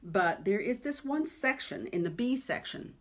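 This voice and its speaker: A woman's voice: medium pitch, expressive, measured pace. A woman piano teacher giving a teaching webinar in a chatty, emphatic way, often checking in with "okay?" and "right?".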